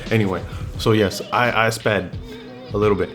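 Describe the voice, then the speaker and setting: Low-voiced young man ranting over music. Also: steady tone, normal speed. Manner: blunt, swears constantly, slangy and heated. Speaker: vlogger. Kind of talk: casual profane rant, storytelling.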